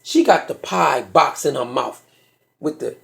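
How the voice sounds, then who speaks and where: His voice is on the high side, a little slow and gravelly, as this comedian tells a profane tale on stage. He brings the story to life by performing the voices of those in it.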